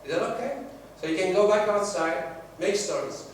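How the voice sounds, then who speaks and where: A man's voice: high-pitched, moderate pace, a little hiss or hum. Man, echoey distant room sound. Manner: storytelling, acts out quoted dialogue. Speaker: sales trainer. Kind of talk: classroom workshop talk. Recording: very echoey room, mic far off.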